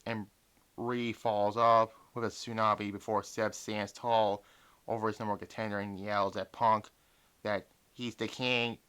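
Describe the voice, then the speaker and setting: A man's voice: fairly low pitch, a bit bright, clear, resonant tone. A young man reviewing a wrestling show in a casual, exasperated rant full of swearing. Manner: profane, exasperated ranting.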